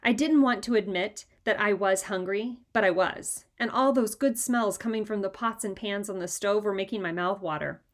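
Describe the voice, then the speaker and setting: A woman reading a children's chapter book aloud in a lively, expressive way. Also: mid-range voice, normal speed, hardly any pauses. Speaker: reader. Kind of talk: storybook read-aloud.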